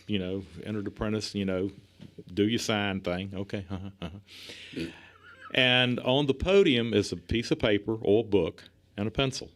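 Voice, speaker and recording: A man in his sixties, a police chief, telling animated anecdotes as a podcast guest. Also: lowish voice. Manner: animated anecdotes, acts out other people's lines, laughs often. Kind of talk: casual storytelling in a podcast interview.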